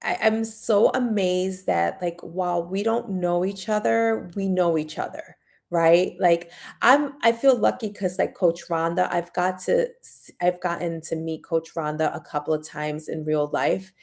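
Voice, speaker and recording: A woman hosting a casual livestream, chatting warmly and reading viewer comments aloud. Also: lowish voice, fairly even intonation, a little slow, vocal fry. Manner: frequent fillers and restarts. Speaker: livestream host.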